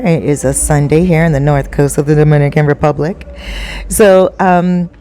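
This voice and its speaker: Low, mellow-voiced woman storyteller. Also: fairly even intonation, moderate pace, faint music behind. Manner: conversational, dramatic retelling. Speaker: vlogger and storyteller. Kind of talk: casual storytelling vlog.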